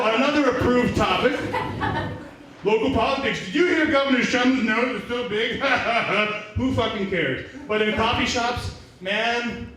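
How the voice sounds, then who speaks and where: A man's voice: high-pitched, a bit bright. A man doing a stand-up comedy set in a small bar, profane, rambling and self-mocking. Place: small bar venue, indoors. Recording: echoey room from far off, audience noise.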